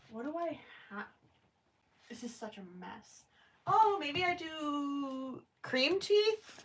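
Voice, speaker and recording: A woman's voice: fairly high pitch, fairly bright tone, slight background noise. A woman hosting a crochet livestream at home, rambling and thinking aloud as she works and chats with viewers. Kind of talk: casual chat while crocheting, reading live chat.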